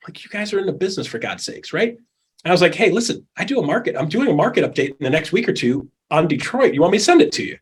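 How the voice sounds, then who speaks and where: A middle-aged man coaching real estate agents in an interview, talking with animated energy and acting out the people and calls he describes. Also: fairly high pitch, quick pace, husky.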